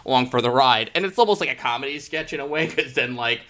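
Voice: medium pitch, expressive, fast, a bit bright. A podcast co-host in casual chat, retelling a scene and paraphrasing what the characters say. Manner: storytelling, paraphrasing characters' lines. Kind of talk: casual chat recapping a TV episode.

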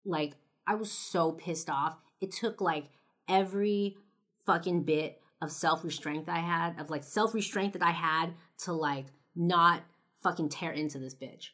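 A woman's voice: on the low side, a little slow, a bit bright. A young woman from Los Angeles, telling a personal story to camera in a loose, chatty way, full of "like" and "you know" and some blunt swearing. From Los Angeles, United States. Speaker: vlogger.

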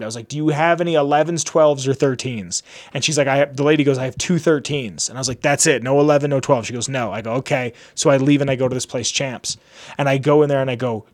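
Rambling young guy telling a story. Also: on the high side. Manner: rambling, animated retelling with lots of "like" and quoted dialogue. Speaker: podcast host. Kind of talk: casual storytelling.

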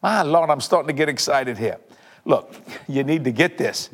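An older man with a drawl leads a fervent televised sermon and prayer. His voice sits somewhat high for a man and rings with long hall reverb. He repeats key lines for emphasis, then drops into hushed, earnest asides. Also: lively intonation, normal speed, gravelly, slightly rough. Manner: swings from loud declarations to hushed earnest asides. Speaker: televangelist preacher.

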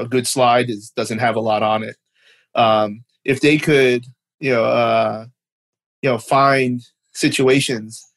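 A man from Canada, a guest in an interview, talking at length with many restarts and fillers. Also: mid-range voice. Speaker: guest, basketball performance clinician. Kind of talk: conversational interview.

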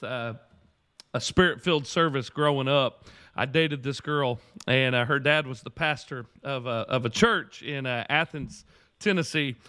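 Male host, high bright voice, animated comic storyteller. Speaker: podcast host.

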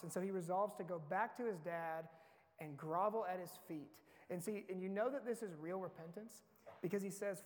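A man's voice: high voice, a little fast. A man preaching a sermon as the pastor, in an earnest, conversational way that tells the story vividly. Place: church sanctuary. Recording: long reverb of a large church hall.

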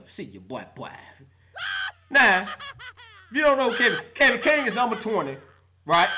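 A man's voice: sits high, pushed and bright. A man hosting a live call-in sports show, roasting players and fans with playful trash talk and frequent laughter.

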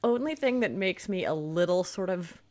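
A woman's voice: lowish voice, expressive, normal speed, darkish tone. A woman co-hosting a podcast, chatting casually about a film, laughing often and restarting her sentences. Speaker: podcast co-host.

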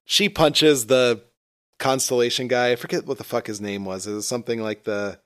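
A man's voice: medium pitch, fairly even intonation, moderate pace, fairly bright tone, no echo. A man in casual chat, joking crudely and laughing while he recaps a comic. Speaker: comic review podcast co-host.

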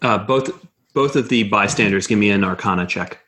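A man running a tabletop horror game as game master, narrating in a measured way with frequent fillers. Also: fairly low pitch, fairly bright tone.

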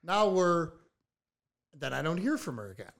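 A man spins a long anecdote in relaxed podcast banter. His voice sits a little high, and he livens up when quoting others. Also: normal speed, vocal fry. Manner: animated storyteller, acts out quotes in raised voice. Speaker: podcast co-host. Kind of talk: casual storytelling chat.

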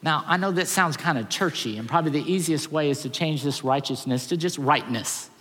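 A man's voice: a little high, fairly quick, fairly bright tone, in a large hall. A male pastor preaching a sermon, telling a story with acted quotes and self-deprecating humor. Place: church sanctuary.

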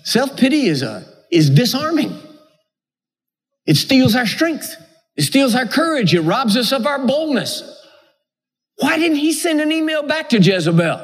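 A male preacher with a high, animated voice delivers a sermon in an emphatic, repeating cadence. His pitch leaps up and down. The words ring out with a long hall reverb. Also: a little slow, pauses often, slightly rough. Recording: echoey hall.

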